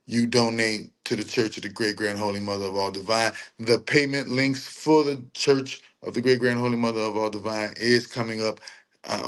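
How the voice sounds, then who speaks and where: Hosting a livestream, a man with a lowish, slightly bright voice keeps up slangy, laid-back commentary. He stretches words out and laughs as he mockingly repeats them.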